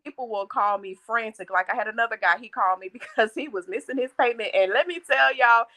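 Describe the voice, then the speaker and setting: A woman chatting casually as a co-host, telling animated, frank stories and swearing freely. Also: fairly high pitch, quick pace, low-quality recording. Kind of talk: casual storytelling chat.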